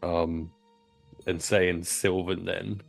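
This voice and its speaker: Low-voiced man playing a tabletop game. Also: flat delivery, slow, gravelly, soft background music. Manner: playful, laughs often. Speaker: player. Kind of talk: tabletop game play, in character.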